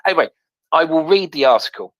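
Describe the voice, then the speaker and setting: Dry-voiced man, halting and wry. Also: fairly high pitch, expressive, a bit bright, dry recording, muffled recording. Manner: halting, many fillers and restarts, wry asides. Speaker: host. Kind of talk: casual live audio chat, reading a tweet and article aloud.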